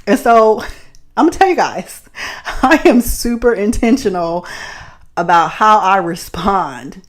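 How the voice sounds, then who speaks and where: A woman from the Bay Area hosting a podcast, telling a story in a blunt, profane, animated way and laughing often. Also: medium pitch, slow. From San Francisco Bay Area. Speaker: podcast host. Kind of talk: casual storytelling monologue.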